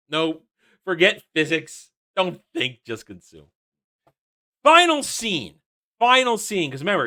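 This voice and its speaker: A man's voice: mid-range voice, pushed and bright. A man reviewing a TV episode, sarcastic and exasperated, recapping scenes with frequent restarts. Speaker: YouTube reviewer.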